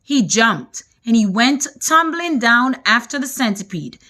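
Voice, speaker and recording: A woman reading a children's book aloud, expressive and animated. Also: a little high, measured pace. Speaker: reader.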